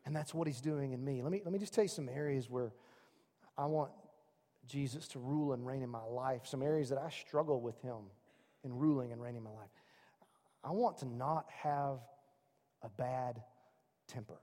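A man preaching a sermon as pastor, swinging from loud excited calls to quiet, soft asides. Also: mid-range voice, normal speed, pauses often. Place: church hall. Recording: long reverb of a large room.

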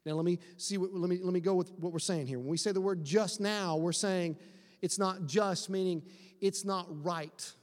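A middle-aged man preaching a sermon in a church, talking in a conversational, animated way and acting out quotes. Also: sits high, normal speed. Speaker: pastor. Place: church sanctuary. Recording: long hall reverb.

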